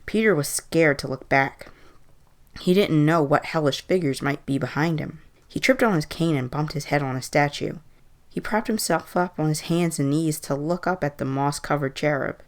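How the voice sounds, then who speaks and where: A woman reading a Halloween horror story aloud in an even, measured way. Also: low-pitched.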